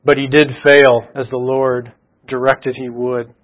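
A man's voice: mid-range voice, level tone, a little slow, highs cut off. Man preaching a conversational sermon. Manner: conversational storytelling with rhetorical questions.

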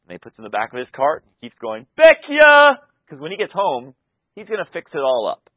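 A pastor preaching a sermon, moving between loud, passionate peaks and soft, intimate stretches. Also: male voice, medium pitch, big pitch swings, quick pace, breathy edge, dry recording. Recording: tinny phone-like sound.

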